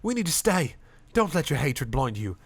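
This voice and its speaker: A man's voice: fairly high pitch, sing-song, normal speed, husky, no room sound, pitched above the performer's own voice, exaggerated voice. A man voicing an earnest male time traveller with an Irish accent, urgent and pleading.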